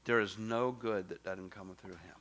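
A middle-aged male pastor preaching a sermon, emphatic and swinging from soft, low asides to loud exclamations. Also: moderate pace.

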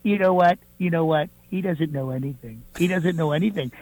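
A man doing an impression of a boastful male president, gravelly and repetitive, with a voice that swings up and down. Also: fairly quick, darkish tone, dry recording, poor audio. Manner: bragging, repetitive, swings up and down in pitch. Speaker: impressionist caller.

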